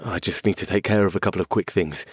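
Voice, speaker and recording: A man narrating an audiobook and voicing an exhausted mage who speaks in a clipped, hurried, apologetic way. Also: low voice, fairly even intonation, husky, no room sound. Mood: weary, urgent. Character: tired, hurried English mage, adult man, polite but evasive.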